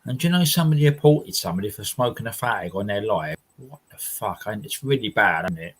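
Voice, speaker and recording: A man's voice: lowish voice, animated, a little fast, slightly rough. A man with a London accent hosting a casual livestream chat from home, rambling and repeating himself. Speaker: livestream host.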